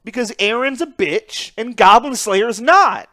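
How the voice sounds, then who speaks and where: Young man, podcast co-host, casual chat, lively swinging pitch, profane. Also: a little slow. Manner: animated, profane, retells scenes in quoted voices.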